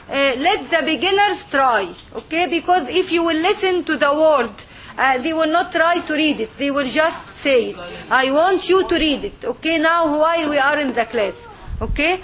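A woman with a high, slightly bright voice teaches Arabic letters in a classroom, patiently repeating words slowly for her learners. The room is noisy, filled with a class of women students.

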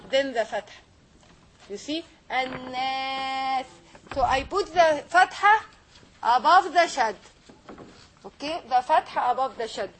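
A woman teaching a Quran reading lesson, patiently repeating sounds slowly for her students. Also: high-pitched, fairly bright tone, a little hiss or hum, rough recording.

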